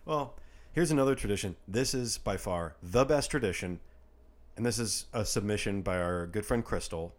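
Male co-host, deep-voiced, easygoing and playful in casual banter. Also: moderate pace. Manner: playful, reads listener submissions aloud. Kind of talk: casual chat.

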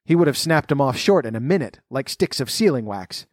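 A man narrating a storybook, reading in an expressive, lively way. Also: mid-range voice, a little fast, dry recording, studio quality.

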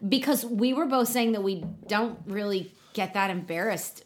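A woman co-hosting a podcast in a casual chat, adding quick, supportive interjections. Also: medium pitch. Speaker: podcast co-host.

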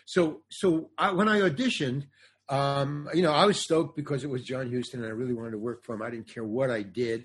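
A man's voice: mid-range voice, breathy edge. An older man, a comedian and actor, telling a show business anecdote as a podcast guest, acting out the voices of others. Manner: animated, acts out other voices. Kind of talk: storytelling anecdote in a podcast interview.

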